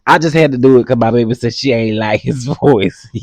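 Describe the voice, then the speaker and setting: A man's voice: medium pitch, measured pace, darkish tone, no echo. A man chatting casually as a show commentator, reading comments aloud and restarting his sentences often. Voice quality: chatty, stammering restarts, giggly. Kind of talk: casual chat.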